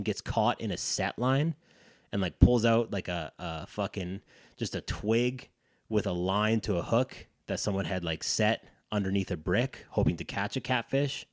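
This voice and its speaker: A man co-hosting a podcast, telling an animated, profane story in casual chat. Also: fairly low pitch, moderate pace, no echo, studio quality. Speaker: podcast co-host.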